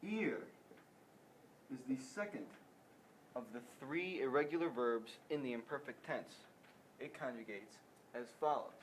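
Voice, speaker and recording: A man's voice: mid-range voice, unhurried, long pauses, slight background noise, low-quality recording. Young man reading a Spanish grammar lesson. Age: teenager or young adult. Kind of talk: school lesson presentation.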